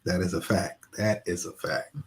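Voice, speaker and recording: A man's voice: low voice, steady tone, moderate pace, slightly rough. Laid-back man hosting a casual interview. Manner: laid-back, laughing a lot. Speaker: show host.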